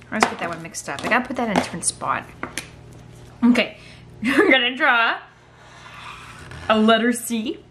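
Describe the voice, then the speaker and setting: A woman's voice: on the high side, lively intonation, normal speed, long pauses, fairly bright tone, slight background noise. A woman running a playful kids' drawing tutorial, telling a story and guiding each step. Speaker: art teacher for kids.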